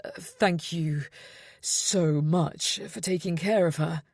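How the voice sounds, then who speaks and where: Woman doing a trembling young man, quiet, tearful, low voice, storybook. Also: expressive, unhurried, breathy edge, no room sound, clean studio sound, exaggerated voice.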